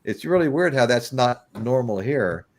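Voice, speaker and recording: A man's voice: mid-range voice, lively intonation, normal speed. A middle-aged man hosting a casual live-stream chat, a rambling storyteller who laughs often. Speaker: host.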